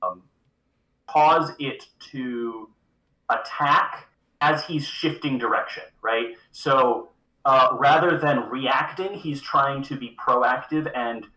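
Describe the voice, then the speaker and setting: A man's voice: medium pitch, slow pace, bright, forceful tone, echoey room, low-quality recording. A man playing a tabletop game, talking out his moves with many hesitations and restarts. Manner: hesitant, full of restarts while planning moves. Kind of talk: casual tabletop play.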